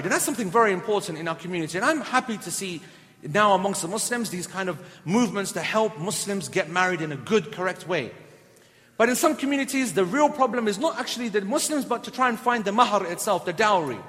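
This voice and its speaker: A man preaching with a strikingly high voice, slipping into the voices of the people in his examples. His words ring out with a long reverb tail, as though in a large hall. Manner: lively storytelling, acting out quoted people. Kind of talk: sermon.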